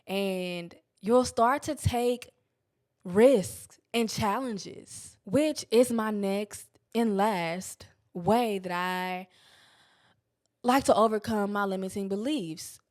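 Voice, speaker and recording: A young woman's medium-pitched voice, slow and a little mellow, carries her self-help podcast. She speaks bluntly and casually, swears without restraint, and stretches words to emphasize them.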